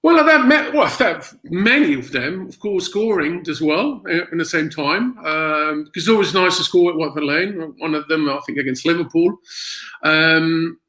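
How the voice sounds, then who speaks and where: A man's voice: fairly high pitch, normal speed, low-quality recording. A man who is a former footballer, speaking English as a second language in a casual interview, telling stories with laughs and lots of fillers. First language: not English. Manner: animated storyteller, laughs often, many fillers.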